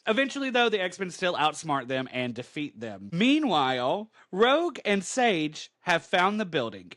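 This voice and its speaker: A man from the Southern United States, co-hosting a podcast and recapping a comic in a casual, animated way with offhand swearing. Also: fairly high pitch, no echo, clean studio sound. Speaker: podcast co-host.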